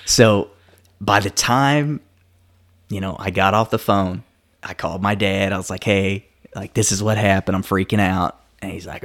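A man with a notably low voice tells a story in a relaxed, conversational way. He loops through fillers and restarts and slips into other people's voices as he quotes them. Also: normal speed. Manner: animated storyteller who acts out quoted dialogue; loose and rambling, many fillers and self-restarts.

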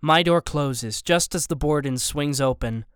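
A man narrating a first-person interactive thriller in a tense, measured reading. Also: a little high, fairly bright tone, clear, resonant tone, dry recording, studio quality. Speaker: audiobook narrator.

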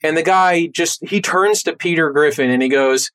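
A man hosting a podcast, telling stories in a casual, animated way. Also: on the high side, normal speed. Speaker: podcast host. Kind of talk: casual chat.

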